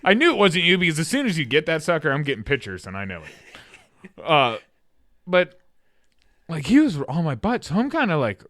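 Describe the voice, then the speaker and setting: A man's voice: on the high side, huge pitch swings, normal speed, long pauses, fairly bright tone. A young man co-hosting a podcast in casual chat, telling stories animatedly and acting out what others said. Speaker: podcast co-host.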